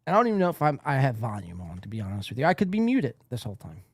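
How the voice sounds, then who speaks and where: Racing along with huge swings in pitch, a man's mid-range voice comes through clean studio sound with no echo. He's a tired podcast host wrapping up a long live stream, rambling casually and laughing as he reads the chat out loud.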